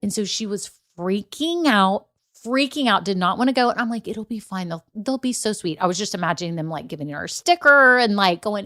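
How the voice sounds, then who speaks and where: A woman's voice: medium pitch, normal speed, fairly bright tone. A woman in her forties talks alone on her podcast for business owners. She chats through personal stories in a loose, conversational flow, laughing along the way. She keeps turning to the listener with questions and direct asides. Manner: chatty storytelling, laughs often, frequent direct asides. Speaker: podcast host and business coach. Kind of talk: solo podcast monologue.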